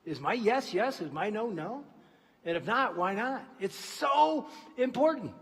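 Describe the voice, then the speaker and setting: A man preaching a sermon and telling a story, often dropping to a hushed voice for emphasis. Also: high-pitched, lively intonation, a little slow, breathy edge, in a large hall. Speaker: pastor. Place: large church auditorium.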